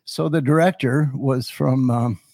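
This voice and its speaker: Gravelly older man telling his story. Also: medium pitch, steady tone, a little slow, a little mellow, no echo. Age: 70s. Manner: rambling, many fillers and restarts. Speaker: podcast host. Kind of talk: personal storytelling.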